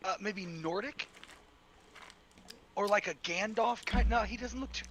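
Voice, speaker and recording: A man chatting alongside a game streamer with quiet, joking chime-ins. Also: high-pitched, a little slow, slight background noise.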